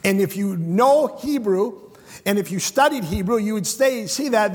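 Male preacher, husky, high voice, emphatic sermon delivery in a hall with long echo. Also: animated, measured pace. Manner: emphatic, swings between hushed and shouted; repeats phrases for stress. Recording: echoey hall with long reverb.

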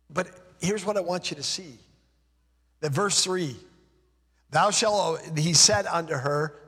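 A man delivers an impassioned sermon in a high, husky voice, taking his time over each phrase. He lets his voice sink low and soft when he leans on a point. A long reverb from the hall trails behind his words. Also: slow pace, pauses often. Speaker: preacher.

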